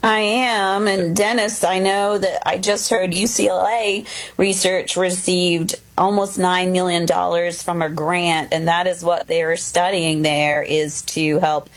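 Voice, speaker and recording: A woman's voice: lowish voice, fairly even intonation, unhurried. A woman doctor joining a call-in radio show as a guest, sharing research news matter-of-factly. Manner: informative, matter-of-fact.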